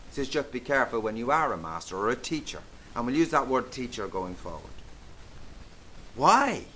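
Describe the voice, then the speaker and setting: A man preaching a sermon, emphatic and deliberate, repeating key phrases for weight. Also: mid-range voice, expressive, pushed and bright, a little hiss or hum.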